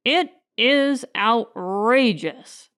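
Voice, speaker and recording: A woman narrating an audiobook voices a cross, fussy young gentleman who speaks slowly and pompously. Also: on the high side, clear, resonant tone. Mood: indignant. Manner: slow, indignant, pompous.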